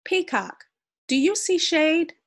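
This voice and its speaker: A woman voicing a cheerful, proud young male sun in a storybook, calling out loudly and eagerly. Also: extremely high pitch, animated, slow, voice pushed up, heavily acted. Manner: loud and eager, bright calls.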